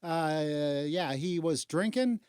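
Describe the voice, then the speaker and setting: A woman from Chicago hosting talk radio, delivering a sarcastic, indignant rant that swings between low mutters and loud outbursts. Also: slow pace, smooth, no echo, clean studio sound. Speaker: radio talk show host.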